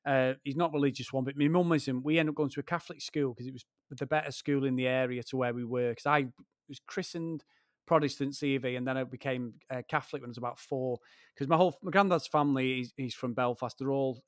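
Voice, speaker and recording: A man's voice: mid-range voice, steady tone, fast, dry recording, studio quality. Man telling rambling stories. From Greater Manchester, England. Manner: rambling storyteller, swears freely, keeps addressing his co-host. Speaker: podcast co-host. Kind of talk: casual chat.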